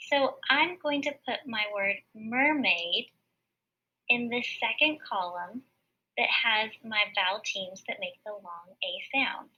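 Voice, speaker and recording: Woman teacher doing a kids phonics lesson, bright husky voice, kinda muffled lo-fi audio. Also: on the high side. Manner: slow, clear, patient step-by-step explaining. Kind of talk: recorded phonics lesson for children. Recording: dull lo-fi recording.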